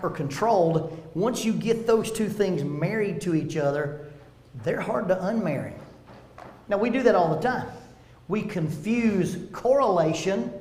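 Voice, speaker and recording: Man teaching in a roomy church. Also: high voice. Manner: animated storytelling with humor, acting out quotes. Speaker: seminar speaker. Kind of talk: church seminar talk. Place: church meeting room.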